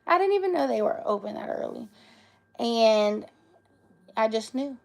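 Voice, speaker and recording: A woman's voice: a little high, lively intonation, a little slow, creaky, darkish tone. A young woman earnestly telling viewers a personal story on a livestream. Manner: earnest, emotional retelling, talks straight to viewers. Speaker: live streamer.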